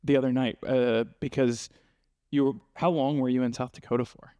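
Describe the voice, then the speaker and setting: A man's voice: medium pitch, fairly even intonation, moderate pace, warm tone, clear, resonant tone. A man co-hosting a podcast, chatting enthusiastically about football games. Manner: enthusiastic sports talk. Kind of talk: casual chat.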